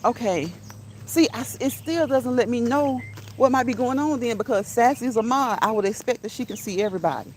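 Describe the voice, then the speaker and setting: Her voice is a little high with a darkish tone, and she talks slightly fast over a faint hiss or hum. Out walking in her neighborhood, she hosts a casual live stream, laughing often, chatting with viewers, and reading the chat aloud.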